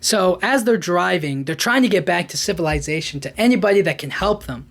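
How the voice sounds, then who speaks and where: A man's voice: high voice, animated, brisk, a bit bright. A man hosting a podcast, recapping a film in a casual, rambling way with lots of fillers and restarts. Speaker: podcast host.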